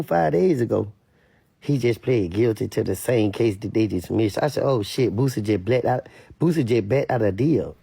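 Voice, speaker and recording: Gravelly Louisiana man ranting bluntly. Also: mid-range voice, dark tone, no room sound. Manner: blunt, emphatic, repetitive. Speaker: online commentator. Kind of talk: casual commentary rant.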